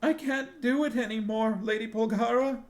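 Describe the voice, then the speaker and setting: A man reading a novel aloud and voicing a small, fiery young princess who speaks in a high, tearful, pleading way. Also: normal speed, a little mellow. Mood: sobbing.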